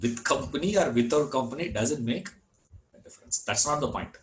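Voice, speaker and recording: A man teaching a scripture class, unhurried, repeating words and filling gaps with "you know". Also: mid-range voice, animated, low-quality recording. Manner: chants Sanskrit verse. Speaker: Vedanta teacher.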